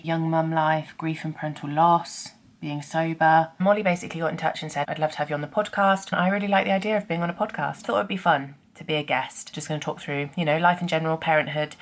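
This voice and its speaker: A woman's voice: low-pitched, creaky. A woman in her thirties vlogging at home in a chatty, self-deprecating way, sometimes dropping to a whisper. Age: 30s. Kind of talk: casual vlog chat.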